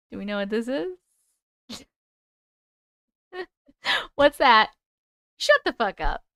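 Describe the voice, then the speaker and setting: A woman's voice: fairly high pitch, wildly swooping pitch, extremely slow, vocal fry, long pauses, fairly bright tone, no echo, studio quality. A woman hosting a live stream, chatting casually with viewers, laughing often and swearing freely.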